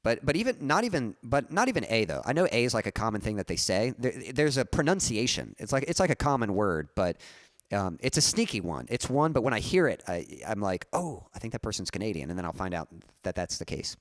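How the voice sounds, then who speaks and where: Young man, low voice, dry close mic, casual rambling stream chat. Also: very animated, fairly quick, no echo. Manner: rambling, self-correcting, chuckling. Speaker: musician streamer.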